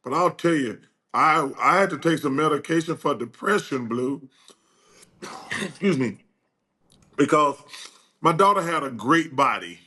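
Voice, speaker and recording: An older man telling stories as a guest in a casual chat, acting out quoted dialogue with lively energy. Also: fairly high pitch, measured pace, long pauses. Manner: animated, acts out quoted dialogue.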